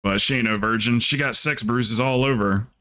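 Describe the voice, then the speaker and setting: A man's voice: mid-range voice, moderate pace, pushed and bright, clean tone. A young man livestreaming, chatting casually and rambling through a story while acting out the people in it. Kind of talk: casual stream chat.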